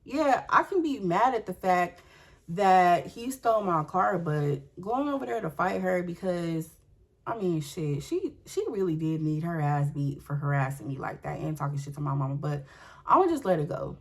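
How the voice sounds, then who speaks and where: A young woman telling viewers a story in an animated, profane way and speaking straight to them. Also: on the low side, moderate pace. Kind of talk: storytime vlog.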